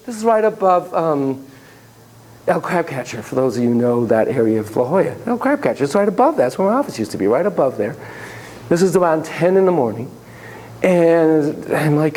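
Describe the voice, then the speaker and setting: A man who is a psychologist telling a story to students in a lecture, animated and joking, with frequent laughs. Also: fairly high pitch, a little fast.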